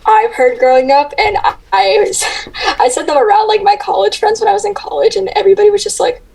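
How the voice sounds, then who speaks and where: A woman's voice: extremely high pitch, fast talker, vocal fry, a little mellow, recorded from a distance. An American woman in her twenties, a podcast guest, chatting hesitantly and searching for her words. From United States. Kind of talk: casual chat.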